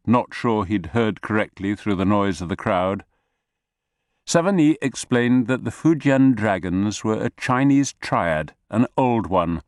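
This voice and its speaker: A man reading an audiobook aloud at a measured, even pace. His voice sits low, and the recording is dry and close-miked. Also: no echo. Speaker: audiobook narrator. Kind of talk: scripted narration.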